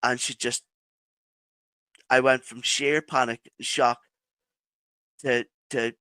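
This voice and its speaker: A man with an Irish accent, a podcast guest telling a personal story in halting phrases with many restarts. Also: mid-range voice, flat delivery, bright, forceful tone, clean tone, dry recording. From Ireland.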